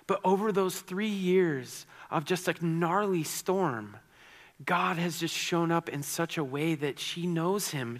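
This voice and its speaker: A man delivers a sermon in a church sanctuary, talking in an earnest, conversational manner and often stumbling over repeated words. His voice sits a little high for a man. A long reverb trails each phrase. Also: fairly bright tone. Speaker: pastor.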